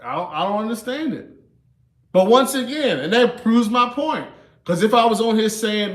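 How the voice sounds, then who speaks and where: Speaking fairly quickly in an echoey room, this livestream host has a high, animated voice. He's in his thirties, relaxed and chuckling, and habitually tags his sentences with "you know" or "man".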